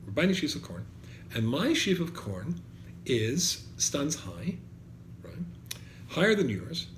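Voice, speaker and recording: A rabbi with a fairly high, very animated voice takes his time as he lectures students on Torah. He quotes Hebrew verses, renders them in translation and questions the room. The space is echoey with a little background noise.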